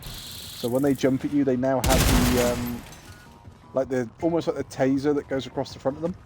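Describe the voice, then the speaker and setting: A man streaming a game, chatting casually and telling rambling, excitable stories. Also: medium pitch, normal speed, over loud music. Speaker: streamer playing a survival shooter. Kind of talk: casual gameplay chat. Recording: game sounds loud behind the voice.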